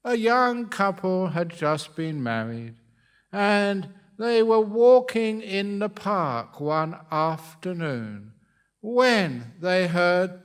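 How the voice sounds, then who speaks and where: Jovial monk giving a humorous talk. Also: male voice, high voice, a bit bright, clean tone. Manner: joking, often laughing at his own stories.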